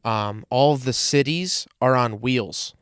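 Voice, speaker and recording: A man's voice: mid-range voice, slow, fairly bright tone, smooth, no room sound, clean studio sound. A man co-hosting a podcast, explaining things in casual chat with lots of "um" and "like". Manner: explains at length, with many fillers like "um" and "like". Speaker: podcast co-host.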